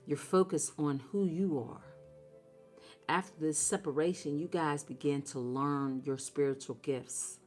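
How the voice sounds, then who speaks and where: A woman with a low voice delivers a tarot reading at a slow, unhurried pace, swinging her pitch widely for emphasis. She is blunt and profane and talks straight to her viewers, with faint music playing underneath. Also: darkish tone. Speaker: tarot reader.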